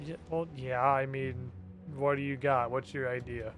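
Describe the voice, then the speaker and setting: A man's voice: medium pitch, level tone, normal speed, fairly bright tone. A male streamer chatting casually and animatedly over gameplay, full of fillers.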